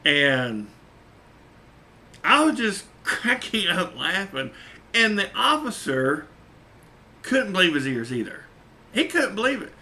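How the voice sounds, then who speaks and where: A man with a fairly high, sharp, bright voice tells a road story at a slow, unhurried pace. He is a truck driver speaking casually, chuckling now and then and circling back to repeat his points. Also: very animated.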